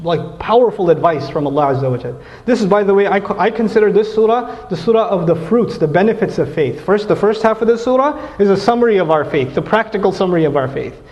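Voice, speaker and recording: Fast-talking, animated male preacher. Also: high voice. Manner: animated, conversational, acts out quotes. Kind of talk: sermon. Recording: echoey hall, dull lo-fi sound.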